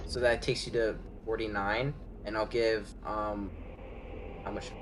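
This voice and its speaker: A man's voice: fairly low pitch, level tone, a little slow, noisy background. A man playing a tabletop game, flustered and searching for words. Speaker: player. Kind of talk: casual tabletop play.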